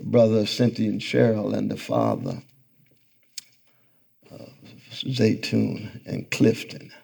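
A middle-aged man giving a public lecture to a live audience in an event hall, speaking with a rhythmic, sermon-like cadence that swells toward near-shouting as he calls out to the crowd. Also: fairly low pitch, very animated, slow, vocal fry, husky. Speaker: guest lecturer.

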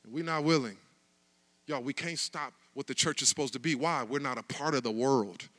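A man preaching a sermon as pastor, shifting from quiet, casual asides to loud, rising shouts. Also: mid-range voice, fairly quick.

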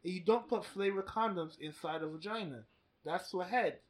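A man with a high-pitched voice talks on a casual podcast. He reasons his points out aloud in a deadpan way. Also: normal speed, low-quality recording. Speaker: podcast co-host. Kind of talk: casual chat.

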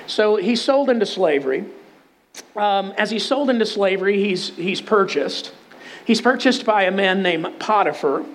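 High-voiced Texan man preaching. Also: expressive, moderate pace, a little hiss or hum. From Texas. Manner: conversational storytelling with humor. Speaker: pastor. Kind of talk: sermon.

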